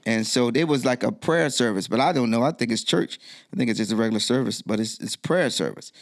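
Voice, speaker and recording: A middle-aged man with a gravelly voice tells a story in a podcast interview. He talks in an animated way and jumps up in pitch when he quotes himself. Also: brisk. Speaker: guest DJ.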